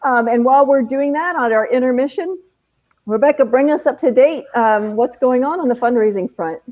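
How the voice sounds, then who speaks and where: A woman hosts a remote fundraiser with an upbeat, chatty delivery. Her voice sits fairly high. The sound is muffled, like audio from a video call. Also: normal speed. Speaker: event host. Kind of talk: casual live-stream fundraiser hosting. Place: home, remote event.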